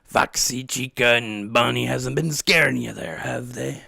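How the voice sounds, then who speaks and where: A gruff animatronic pirate fox, put on by a man, growling his words like a sailor. The voice is gravelly. It is recorded dry and close. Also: medium pitch, a little slow, bright, forceful tone, dry recording, exaggerated voice.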